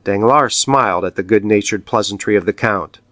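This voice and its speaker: A man narrating an audiobook in an expressive storytelling manner. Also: lowish voice, normal speed, no echo. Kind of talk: scripted narration.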